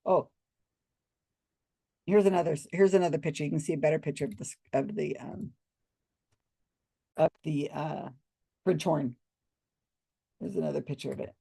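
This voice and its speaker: An older woman with a low-pitched, gravelly voice, dark in tone with a breathy edge, tells stories casually to the camera at home. She moves at a moderate pace and pauses often, chatting over old photos and frequently laughing as she mimics people's reactions.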